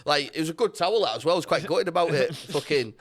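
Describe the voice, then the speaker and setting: A man with a fairly high voice tells a rowdy story in a podcast studio. His pitch leaps all over the place, and he swears nonstop and laughs his way through the telling. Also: lively intonation, quick pace. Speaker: podcast guest. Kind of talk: casual storytelling chat.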